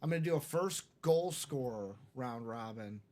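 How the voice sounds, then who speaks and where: A man co-hosting a live stream, chatting about sports in a relaxed, offhand way. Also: medium pitch, normal speed. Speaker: co-host. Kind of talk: casual chat.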